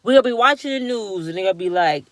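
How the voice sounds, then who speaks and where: A woman giving casual commentary, animated and acting out the voices of the people she talks about. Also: medium pitch, moderate pace, no echo, studio quality. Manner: animated, acts out voices of others mid-story. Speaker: vlogger.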